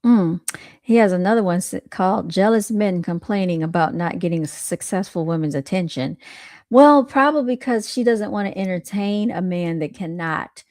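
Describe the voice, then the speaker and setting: A woman's voice: lowish voice, moderate pace, a little mellow, no room sound, studio quality. A woman streaming a reaction to clips, chatting casually with her viewers and laughing often.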